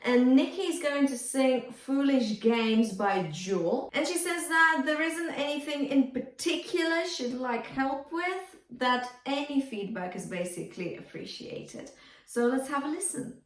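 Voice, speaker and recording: A woman's voice: high voice, animated, a little slow. Roomy-sounding woman vocal coach. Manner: encouraging, demonstrative, sings short phrases to show. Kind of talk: singing lesson feedback with sung demonstrations. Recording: roomy, from a distance.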